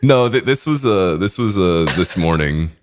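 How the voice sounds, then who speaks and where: A man's voice: sits low, animated, normal speed. A man hosting a podcast, telling a rambling, profane story in casual chat and often breaking into laughter. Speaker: podcast host.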